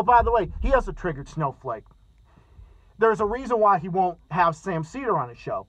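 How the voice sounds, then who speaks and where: A man's voice: high voice, a bit bright, dry recording. A man giving an angry, heavily profane political rant, often stammering as he talks. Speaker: political commentator. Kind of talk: ranting commentary vlog. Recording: dull lo-fi dry sound.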